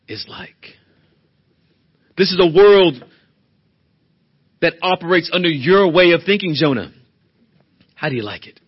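A man's voice: a little high, husky, highs cut off. A male pastor preaching a sermon in an earnest, emphatic way, often asking the congregation rhetorical questions.

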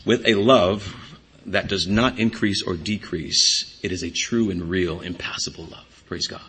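A man's voice: deep voice, steady tone, unhurried, a bit bright, breathy edge. A middle-aged man preaching a sermon, teaching earnestly and repeating key words for emphasis. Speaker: pastor.

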